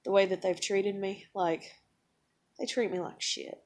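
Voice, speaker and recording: A woman venting in a personal vlog, blunt and emotional, swearing often as she talks about her life. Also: measured pace. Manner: acts out others in higher excited voices. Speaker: vlogger.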